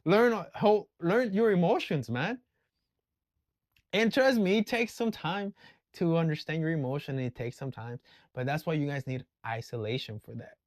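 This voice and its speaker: A blunt man rants with plenty of swearing. His voice is fairly high for a man and swings up when he gets heated. The sound is dry and close to the mic. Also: moderate pace, no room sound. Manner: blunt, profane, animated. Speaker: vlogger. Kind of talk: casual rant.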